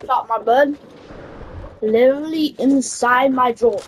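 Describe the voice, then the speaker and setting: A woman giving casual, slangy gameplay commentary as a streamer, swearing and reacting loudly to the game. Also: fairly high pitch, unhurried, pauses often, a little hiss or hum. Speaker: gaming streamer. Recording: loud game gunfire behind the voice. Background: game gunfire and shooting sounds.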